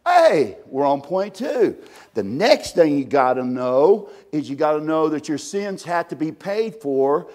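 A man preaching a sermon and telling a story in an animated way, swinging from loud bursts down to hushed tones. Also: a little high, unhurried.

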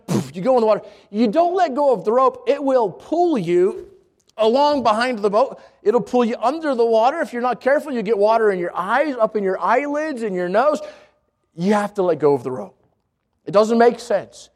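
A young man preaching a sermon, telling stories with lively acted-out asides to his congregation. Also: high-pitched. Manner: animated storytelling with acted-out asides.

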